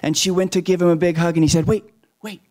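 A man telling a story to children, animated and asking the listeners questions along the way. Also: fairly high pitch, very fast.

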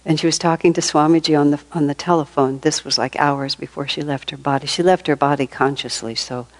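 An older woman, a spiritual teacher, gives an informal talk in a low, fairly quick voice with fairly even intonation. She tells stories conversationally and laughs often, though the recording quality is low.

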